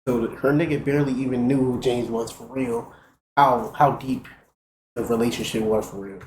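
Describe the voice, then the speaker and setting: A young man streaming, casually telling a profane, animated story. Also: mid-range voice, normal speed. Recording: roomy with faint noise.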